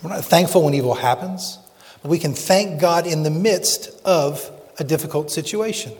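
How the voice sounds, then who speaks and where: A man preaching a sermon in an earnest way, slowing down to stress verses of scripture. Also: fairly high pitch, darkish tone, big-room sound. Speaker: pastor.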